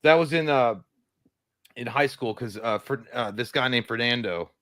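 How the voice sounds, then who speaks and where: A man's voice: mid-range voice, moderate pace, fairly bright tone, dry recording. A man, rambling through self-mocking stories as a podcast co-host in casual chat. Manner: rambling, self-mocking storytelling with voiced impressions.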